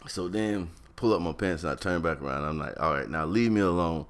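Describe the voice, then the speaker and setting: A man telling a childhood story in a casual, animated, slangy way, acting out the other people with high put-on voices. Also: a little fast, smooth.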